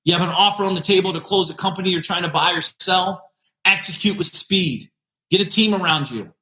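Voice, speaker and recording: A male podcast host giving an energetic, emphatic motivational business talk, repeating punchy phrases. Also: high voice, brisk, reverberant.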